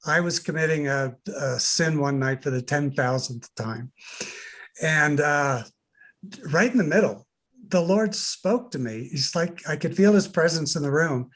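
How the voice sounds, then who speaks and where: A man's voice: a little high, a little slow, fairly bright tone. A man hosting a podcast interview, speaking in an earnest, reflective way. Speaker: podcast host. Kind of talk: conversational interview.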